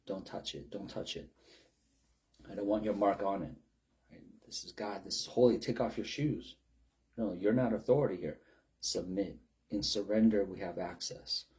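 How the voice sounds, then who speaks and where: Mellow-voiced male preacher. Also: fairly low pitch. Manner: conversational, asks rhetorical questions, acts out quotes. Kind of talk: sermon.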